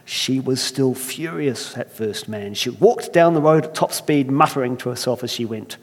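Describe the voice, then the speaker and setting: A male pastor at a mid-pitched, ordinary level gives a sermon and reads a story aloud. He is conversational and self-deprecating and slows down for the storytelling. The voice carries a long reverb from a church hall.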